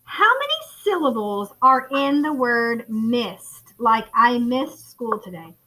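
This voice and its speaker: A woman teaching young children phonics in a recorded lesson. Her voice sits high and sounds bright, and she talks slowly and warmly encouraging, addressing the kids as friends. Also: animated, poor audio. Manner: encouraging, calls listeners friends. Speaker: first grade phonics teacher.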